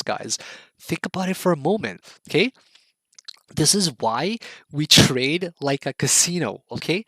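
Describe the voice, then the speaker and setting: A man's voice: fairly high pitch, fairly bright tone, no room sound. Upbeat man lecturing with constant "right?". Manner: enthusiastic, repetitive, keeps checking in with "right?" and "okay?". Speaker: trading instructor. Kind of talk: energetic online course lecture.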